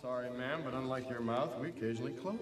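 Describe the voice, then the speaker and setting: A man's voice: mid-range voice, fast, close to an everyday voice. A man playing a sneering sitcom shoe salesman. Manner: sarcastic, deadpan insults. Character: insulting sarcastic middle-aged male shoe salesman. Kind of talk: sitcom acting. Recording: echoey far-off TV clip, laugh track, noise.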